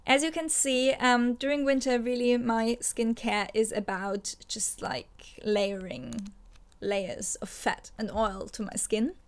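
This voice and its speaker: A woman's voice: fairly high pitch, steady tone, slow. Chatty young German woman vlogging. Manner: chatty, musing, with fillers and self-corrections. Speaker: beauty vlogger. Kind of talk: casual talk to camera.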